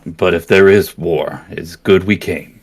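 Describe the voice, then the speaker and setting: A man voicing a simple-spoken male beast warrior in a fan-dubbed game, with plain, deliberate phrasing. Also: low-pitched, fairly even intonation, vocal fry, breathy edge, exaggerated voice.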